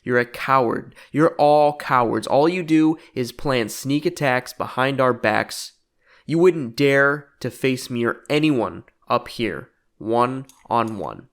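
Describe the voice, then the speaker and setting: A man voicing a fed-up, defiant male wrestler who speaks in slow, emphatic accusations. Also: medium pitch.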